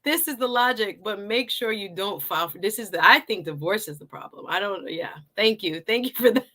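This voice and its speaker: A woman's voice: medium pitch, expressive, a little fast, pushed and bright. A woman hosting a live talk stream, chatting, laughing often and reading out viewer comments.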